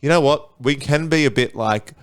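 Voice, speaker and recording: A man's voice: medium pitch, normal speed, clean tone. A man with an Australian accent, co-hosting a casual podcast chat in a laid-back, reflective way. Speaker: podcast co-host.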